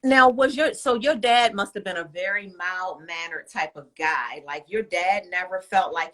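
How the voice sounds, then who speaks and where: A woman's voice: on the low side, normal speed, few pauses, a bit bright. A woman hosting an interview, playful and teasing, asking blunt questions. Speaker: podcast host. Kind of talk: interview chat.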